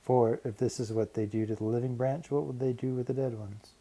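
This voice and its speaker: A man reading a solemn, gentle teacher. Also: mid-range voice, fairly even intonation, brisk, lightly acted.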